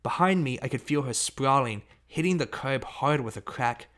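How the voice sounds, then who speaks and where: A man reading a novel aloud as an audiobook. His voice sits in a mid range, and he carries the first-person story along at an even, steady pace. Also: medium pitch, normal speed. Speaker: audiobook reader. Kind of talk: audiobook narration.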